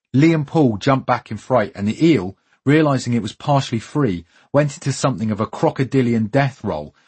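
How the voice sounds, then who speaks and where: A man's voice: mid-range voice, a little mellow, breathy edge. A man reading a scripted first-person memoir story in a wry, vivid way with dramatic pacing.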